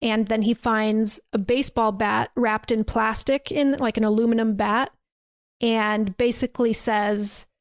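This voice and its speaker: A woman's voice: fairly high pitch, level tone, a little slow, no room sound. A woman podcast host casually retelling a movie's scenes, acting out quoted lines with plenty of swearing. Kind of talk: casual chat.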